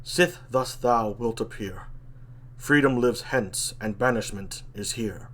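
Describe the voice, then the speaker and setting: Man reading a plain-spoken loyal nobleman, slow measured verse. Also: fairly low pitch, fairly bright tone. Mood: solemn.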